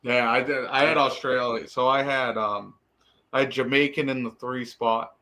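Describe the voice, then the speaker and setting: A man's voice: mid-range voice, fairly even intonation, moderate pace, pushed and bright. A young man in his twenties from the Boston area, with a Boston accent, chatting as a podcast guest in an easygoing, hesitant way. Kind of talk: casual podcast chat.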